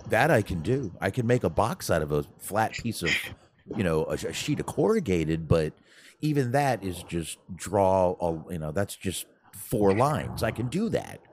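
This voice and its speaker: A man with a very low voice that swings up and down with plenty of life. He co-hosts a casual podcast chat, rambling along with self-deprecating, crude humor. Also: big pitch swings, normal speed, a little mellow. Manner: salty, profane humor. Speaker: podcast co-host.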